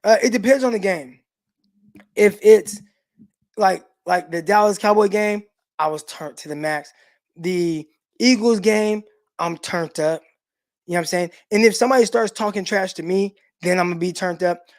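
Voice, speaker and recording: A man's voice: sits high, normal speed. Laid-back chatty man talking to a livestream. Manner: laid-back, loose and chatty, with lots of "like" fillers; talks straight to the live chat and reads out viewer comments. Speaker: sports show host. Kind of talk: casual livestream chat.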